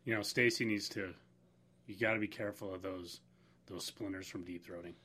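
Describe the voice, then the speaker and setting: A man's voice: fairly low pitch, fairly even intonation, fairly quick, very noisy. A man co-hosting a podcast in casual chat, making crude jokes. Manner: joking, crude. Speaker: podcast co-host.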